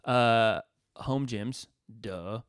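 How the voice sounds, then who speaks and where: A man's voice: medium pitch, very slow, clear, resonant tone, dry recording, clean studio sound. A man co-hosting a podcast in casual, rambling chat, joking around and trying out silly accents. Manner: rambling, playful, jokey tries at accents. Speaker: podcast co-host.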